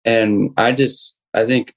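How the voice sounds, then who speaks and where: A young man, a guest musician, telling a personal story in a casual interview, halting with many restarts and fillers. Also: medium pitch, little pitch movement, rough recording.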